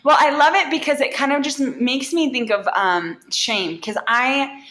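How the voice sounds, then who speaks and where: A woman in her thirties, a yoga instructor, talking candidly and warmly as a podcast guest, with lots of "like". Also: sits high, moderate pace, reverberant. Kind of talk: casual podcast interview.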